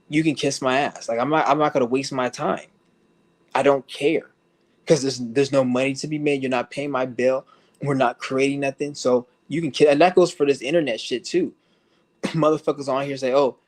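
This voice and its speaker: Guy going off on his stream, swearing a lot, mid-pitched voice, keeps laughing. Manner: profane, blunt, laughs often. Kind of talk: casual rant to camera. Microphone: streaming setup.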